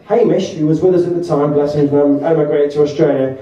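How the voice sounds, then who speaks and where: A man with a fairly high but mellow voice tells party anecdotes in a loose, chatty way, chuckling at his own punchlines. He is picked up from a distance in a very echoey hall. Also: brisk, hardly any pauses, lo-fi sound. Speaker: party speaker telling anecdotes. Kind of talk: storytelling speech. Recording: echoey room recorded from far off.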